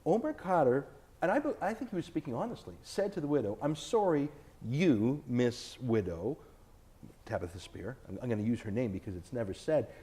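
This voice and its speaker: A man's voice: medium pitch, animated, fast talker, warm tone. A man being interviewed as an author and TV host, arguing his points in an emphatic, combative way during a sit-down interview. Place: indoors, filmed interview.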